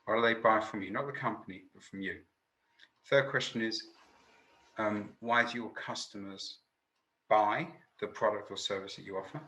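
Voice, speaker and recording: A man's voice: fairly low pitch, steady tone, moderate pace, pushed and bright, roomy sound, rough recording. Chatty, jokey man hosting a webinar. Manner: jokey, chatty, self-deprecating. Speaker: sales trainer and webinar host. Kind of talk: casual webinar talk.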